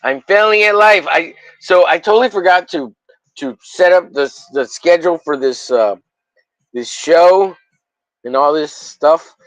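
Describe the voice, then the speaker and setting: A man's voice: on the high side, unhurried, a bit bright, no echo, poor audio. Rambling, profane male livestream host. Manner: rambling, profane, mock-angry joking. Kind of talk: casual livestream chat.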